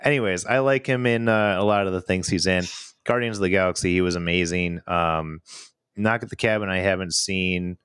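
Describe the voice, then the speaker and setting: A man with a Chicago accent talks in a dry, close way, his voice sitting low. He rambles, stalls on words, and laughs easily as he co-hosts a casual podcast chat. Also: fairly quick, a bit bright, clear, resonant tone, dry recording. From Illinois–Wisconsin border, US. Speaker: podcast co-host.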